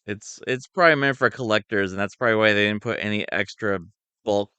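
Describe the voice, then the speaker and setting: Man co-host, easygoing chat, crisp tone, dry room. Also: on the low side, brisk, bright, forceful tone, no echo. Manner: easygoing, laughs often, lots of "like" and "I know". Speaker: podcast co-host. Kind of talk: casual chat.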